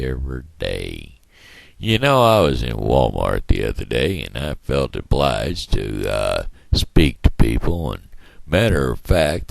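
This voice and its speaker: A man's voice: a bass voice, vocal fry, no echo. A man talking in a casual, rambling monologue for his daily video blog, folksy and chatty.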